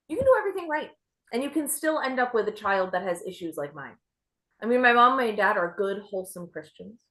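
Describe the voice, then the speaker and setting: A young adult woman doing a stand-up set with a self-deprecating, deadpan delivery. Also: medium pitch. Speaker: stand-up comedian.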